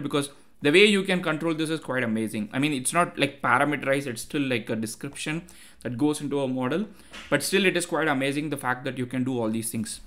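A man's voice: a little high, a bit bright. Man casually explaining code on screen. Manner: explanatory, loose, many fillers like "uh" and "like"; talks to himself while looking things up. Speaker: tech tutorial host. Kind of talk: casual screen-share coding walkthrough.

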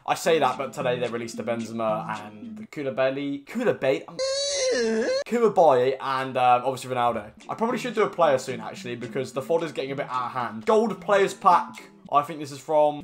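A man's voice: mid-range voice, fairly bright tone. A young man giving casual, slangy pack-opening commentary as a gaming YouTuber, rambling with lots of fillers.

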